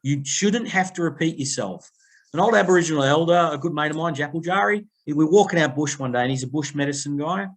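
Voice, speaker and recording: An Australian man in middle age with a fairly high-set voice, speaking as a guest on a podcast. He tells stories with animation, slips into quoted voices and lays out advice in a plain conversational way. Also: fast talker. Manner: animated storytelling, acting out phone quotes. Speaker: guest, people-pleasing coach.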